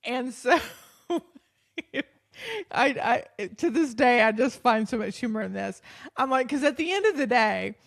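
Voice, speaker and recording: A woman podcast host with a slightly high voice tells a story in a lively, self-deprecating way, laughing as she goes. She stumbles and restarts often while acting out what people said. The sound is dry and close. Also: unhurried, gravelly, pauses often, dry recording. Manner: acts out her own past thoughts and others' speech; frequent restarts and fillers. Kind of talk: personal storytelling monologue.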